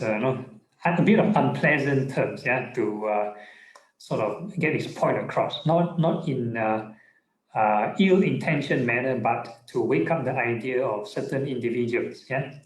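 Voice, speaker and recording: Conversational monk in an echoey room. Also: male voice, medium pitch, a little slow. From Singapore. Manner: relaxed, conversational, many fillers and tag "yeah?". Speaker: monk giving a Dhamma talk. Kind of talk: Buddhist Dhamma talk. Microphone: online video call.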